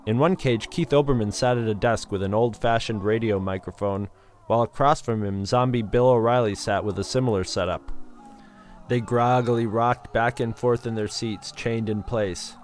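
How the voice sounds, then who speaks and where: A man's voice: medium pitch, moderate pace, a little mellow, soft background music. A man narrating a story as an audiobook, dry and matter-of-fact.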